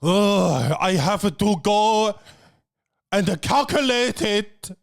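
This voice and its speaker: A man putting on the voice of a sullen, grudging female restaurant hostess who answers in flat, curt lines. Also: mid-range voice, takes it slowly, vocal fry, breathy edge, no echo, clean studio sound, heavily acted.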